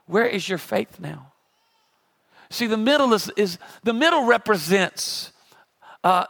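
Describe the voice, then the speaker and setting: A man's voice: sits high, fairly bright tone. A man in his forties, a pastor preaching a sermon and telling funny stories, with playful sound effects. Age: 40s. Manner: humorous storytelling with sound effects.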